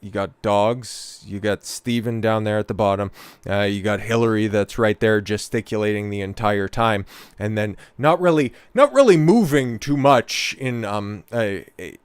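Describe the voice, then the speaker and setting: A man's voice: on the low side, moderate pace, smooth, no echo. A man hosting a live stream, giving casual, sarcastic, profane commentary on a clip.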